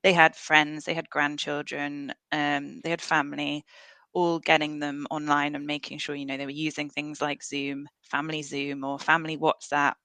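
Earnest woman researcher with a creaky voice. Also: low-pitched, little pitch movement, normal speed, sharp tone, dry recording. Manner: earnest, with frequent fillers and restarts. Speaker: guest researcher. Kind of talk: podcast interview.

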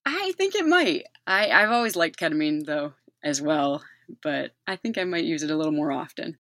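Low-pitched woman, emergency doctor, brisk and quick, dry close-up sound. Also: animated, fairly bright tone, no room sound. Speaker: guest emergency physician. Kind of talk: podcast interview.

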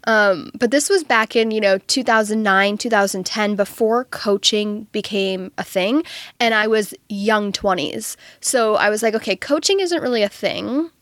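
A woman's voice: medium pitch, fairly even intonation, unhurried, a bit bright, dry recording. A woman in her thirties, a marketing coach, talking casually in an interview and using lots of "um" and "like". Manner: chatty, many fillers like "um" and "like". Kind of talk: conversational interview.

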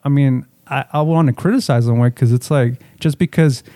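A man's voice: mid-range voice, a little fast, warm tone, no echo, clean studio sound. A man co-hosting a casual podcast, talking in a profane, rambling way full of filler words. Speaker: podcast co-host.

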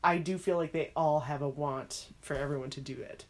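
A woman co-hosting a podcast in casual chat, animated and expressive, often slipping into other people's voices as she retells stories. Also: low-pitched, fairly quick.

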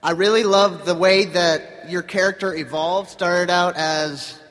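A man's voice: sits high, steady tone, a little slow, fairly bright tone. A man, a fan at a convention, asking a question with a giggle. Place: large convention hall. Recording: echoey hall.

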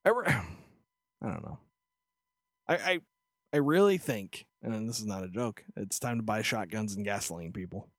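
A man's voice: lowish voice, expressive, moderate pace, long pauses, no echo. Sarcastic cursing podcast guy, voice swings all over, dead dry mic. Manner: profane, ranting, sarcastic. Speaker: podcast co-host. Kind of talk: casual chat.

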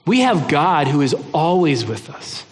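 Earnest male preacher, conversational and a little halting, fairly high voice, long reverb behind him. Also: very animated. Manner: earnest, conversational, with frequent restarts and stammers. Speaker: pastor. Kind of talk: sermon.

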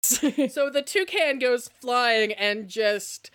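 A young woman co-hosts a casual podcast chat, talking in an animated, jokey way and laughing often. Her voice is bright, clear and pitched a bit high. She keeps the banter light and playful. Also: very slow. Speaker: podcast co-host.

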